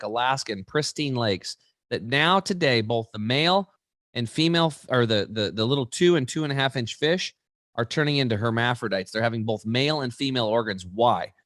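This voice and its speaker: A man in his forties, a guest in an interview, telling stories in an animated, emphatic way. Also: mid-range voice, no echo, clean studio sound. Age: 40s.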